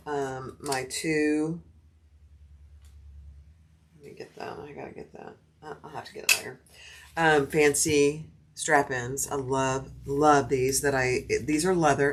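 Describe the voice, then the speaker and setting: A woman's voice: extremely low pitch, slight background noise. A middle-aged woman chatting casually on a sewing livestream, answering viewer comments as she works.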